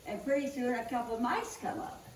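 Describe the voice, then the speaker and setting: A woman's voice: fairly high pitch, fairly quick, a little mellow. A woman speaking at a church service, telling jokes to the congregation and laughing at her own punchlines. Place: church hall. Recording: echoey room, distant mic, faint hiss.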